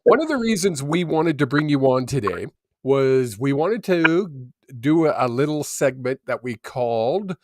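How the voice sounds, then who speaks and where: A man's voice: medium pitch, sing-song, a little slow, darkish tone, no echo. A man hosting a podcast, steering the chat back to its segment. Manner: steers the talk back on track. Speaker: podcast host.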